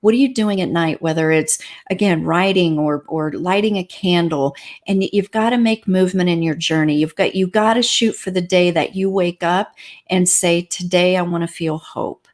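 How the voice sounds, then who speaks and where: A woman's voice: fairly low pitch, normal speed. A woman grief counselor on a talk show, teaching in a repetitive, emphatic way. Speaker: pet loss grief counselor. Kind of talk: livestream talk show chat.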